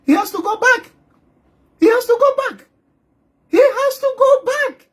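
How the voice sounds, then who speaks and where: A man putting on a shrill, insistent government official. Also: lively intonation, measured pace. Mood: mocking. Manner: mocking, repeats himself with rising pitch.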